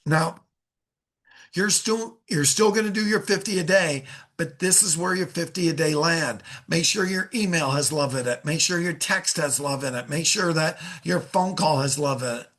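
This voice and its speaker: A man's voice: a little high, moderate pace, a bit bright. A middle-aged man teaching a sales lesson in an upbeat coaching manner, acting out sample phone calls. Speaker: sales trainer.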